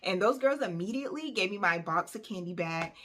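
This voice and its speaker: Animated woman telling a story, bright tone. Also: mid-range voice, fairly quick, slight background noise. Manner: animated, conversational, lots of fillers. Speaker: vlogger. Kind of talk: storytime vlog.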